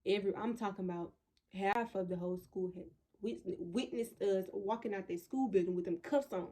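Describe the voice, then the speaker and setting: A woman spins a casual storytime for her viewers, animated and chatty. She keeps talking straight to them and often circles back to restart a thought. Her voice sits at an everyday middle pitch for a woman. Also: fairly quick. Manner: chatty, loose retelling with restarts. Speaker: vlogger.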